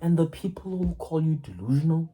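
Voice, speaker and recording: A woman giving a casual, profane motivational rant, excitable and stammering as she repeats her words. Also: sits low, brisk, slightly rough, low-quality recording. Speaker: motivational vlogger.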